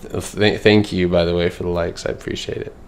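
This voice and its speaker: A man's voice: low-pitched, flat delivery, brisk, slight background noise. A man hosting a casual trading livestream, going through charts in a loose, filler-heavy way and answering his chat. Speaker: stock trading streamer.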